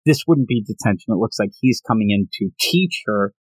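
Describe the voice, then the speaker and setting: A man co-hosting a podcast in casual chat, talking in an animated, jokey way with frequent stumbles and restarts. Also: lowish voice, brisk, no room sound. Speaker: podcast co-host.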